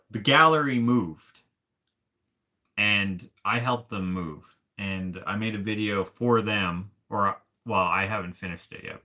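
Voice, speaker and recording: A man's voice: on the low side, bright, forceful tone. A man, an artist, chatting casually to camera in a rambling, self-deprecating way and laughing often. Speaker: artist vlogger. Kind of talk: casual rambling vlog chat.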